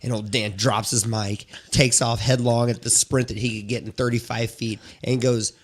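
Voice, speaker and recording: A man guesting on a podcast, telling a profane, animated anecdote in casual chat. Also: medium pitch, moderate pace.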